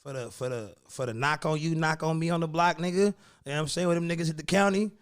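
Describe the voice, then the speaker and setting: A rapper man from the Bay Area chatting in a studio interview. His voice sits a little high for a man, and his talk is loose and laid-back, full of street slang. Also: fast talker, smooth. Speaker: guest rapper. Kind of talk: casual interview chat.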